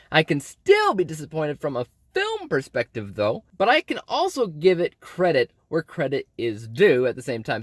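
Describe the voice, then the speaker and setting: A man hosting his channel, giving a scripted movie review with an emphatic, animated delivery. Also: dry recording, studio quality. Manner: animated, emphatic delivery with big pitch swings. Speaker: film reviewer and channel host.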